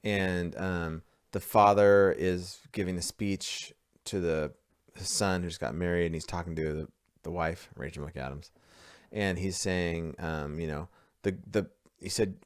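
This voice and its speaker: A man's voice: low voice, steady tone, unhurried, clean tone. A man co-hosting a podcast in casual chat, joking and teasing his friend. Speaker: podcast co-host.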